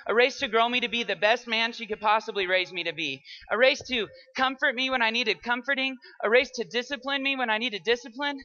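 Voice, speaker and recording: Young male speaker, high and forceful, delivering a dramatic memorized speech, dull lo-fi recording. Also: brisk, hardly any pauses. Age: young adult. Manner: dramatic, swings between hushed and loud.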